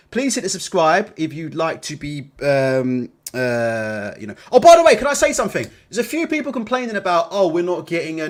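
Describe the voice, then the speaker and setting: A man hosting a casual boxing livestream in an animated, bantering way, swearing freely. His pitch sits a bit high for a man and swings widely from line to line. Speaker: boxing channel host.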